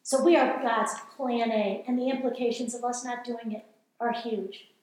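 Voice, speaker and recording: A woman's voice: a little high, steady tone, moderate pace, darkish tone. A middle-aged woman giving a passionate, earnest evangelical teaching talk, urging her listeners on. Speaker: speaker. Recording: very echoey room.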